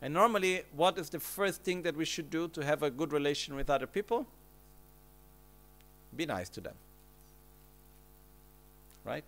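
Man giving a gentle Buddhist teaching. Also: a little high, animated, moderate pace, long pauses. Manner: gentle, keeps checking in with "okay?" and "no?"; plain conversational explanations with everyday examples. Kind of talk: Dharma teaching commentary.

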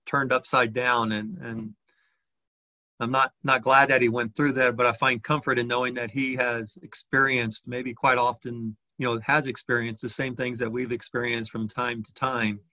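A man leads a reflective sermon, pausing often and restarting his phrases. His voice has a bright, forward tone. The sound is dry and close. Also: medium pitch, little pitch movement, dry recording. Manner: hesitant, many fillers and restarts. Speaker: pastor.

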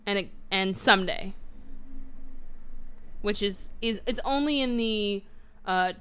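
A woman's voice: medium pitch, takes it slowly, fairly bright tone, smooth. A woman hosting a casual podcast, sarcastic and swearing freely. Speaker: podcast host.

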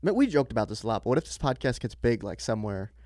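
Laid-back young dude on a podcast. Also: male voice, mid-range voice, very animated, racing, a little mellow, dry recording, clean studio sound. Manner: laid-back, says dude a lot, jokey. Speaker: podcast co-host. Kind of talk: casual chat.

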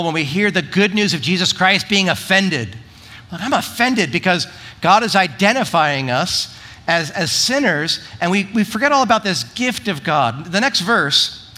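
Bright, high-voiced man preaching. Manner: animated, acts out quoted voices. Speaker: pastor. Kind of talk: sermon. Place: church.

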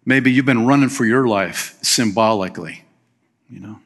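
Male pastor, mid-pitched, folksy preacher reading scripture with emphatic commentary. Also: moderate pace. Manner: reads scripture aloud and comments with lively emphasis; folksy, uses fillers and plain phrases. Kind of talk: sermon.

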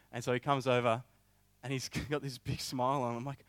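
Animated young male preacher, dry sound. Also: mid-range voice, fast talker, smooth, dry recording. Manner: animated storytelling with filler words. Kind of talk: sermon with personal story.

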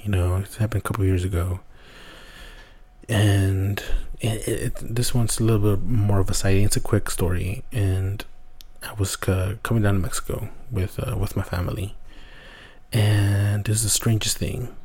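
Guy rambling through a story on his podcast, kinda husky, lots of cussing. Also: lowish voice, steady tone, normal speed, mellow. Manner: rambling, swears often, restarts a lot. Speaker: podcast host. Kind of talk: casual storytelling.

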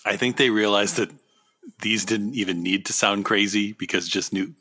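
A man's voice: on the low side, fairly even intonation, normal speed, bright, forceful tone, breathy edge. A man co-hosting a casual comedy chat, joking, riffing and laughing often. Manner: joking, laughs often, riffs on absurd ideas. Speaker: podcast co-host.

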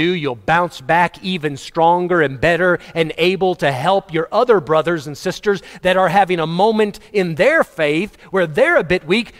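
A man preaching a sermon to his congregation in a conversational way, chuckling and acting out quotes. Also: sits high. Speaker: pastor. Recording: long hall reverb.

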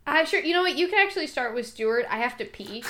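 A woman's voice: high-pitched, expressive, fast talker, bright, forceful tone, slight background noise. A woman playing a tabletop game, role-playing her character in a cheeky, theatrical way. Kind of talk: playful in-character role-play.

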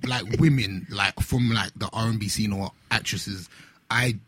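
A man's voice: fairly low pitch, fairly even intonation, unhurried, a bit bright, a little hiss or hum. A man chatting laid-back in a casual group chat. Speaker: podcast co-host, music guest.

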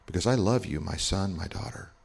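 A man voicing a tender, loving Jesus who speaks softly and gently to a child during a guided meditation. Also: deep voice, a little fast, creaky, husky, exaggerated voice. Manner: soft, hushed and gentle.

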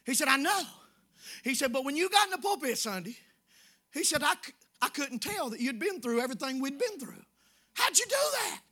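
A man preaching in church, folksy and conversational, swinging from hushed asides to shouting. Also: extremely high pitch, animated, fairly quick. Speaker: pastor. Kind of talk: sermon. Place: church sanctuary.

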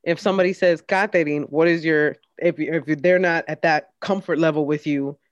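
A woman's voice: low-pitched, steady tone, normal speed, no room sound, muffled recording. A woman co-hosting a podcast in casual chat, playful and teasing. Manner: playful, teasing, mock-scolding. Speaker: podcast co-host.

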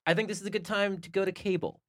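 A man's voice: high-pitched, steady tone, quick pace, a bit bright. A man co-hosting a casual podcast about TV, rambling through the week's shows with dry joking asides. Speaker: podcast co-host.

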